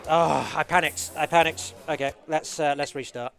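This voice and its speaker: Man narrating his game run, fairly high voice, explanatory, lots of "uh"s, faint music behind. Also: normal speed, creaky. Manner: explanatory, steady, with many fillers. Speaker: speedrunner. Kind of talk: live commentary of his own game run.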